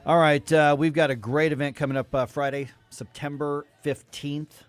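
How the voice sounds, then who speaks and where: A man's voice: on the high side, level tone, moderate pace, no echo, soft background music. A man hosting a morning radio talk show, chatting casually with wry, joking banter in a studio. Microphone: studio microphone.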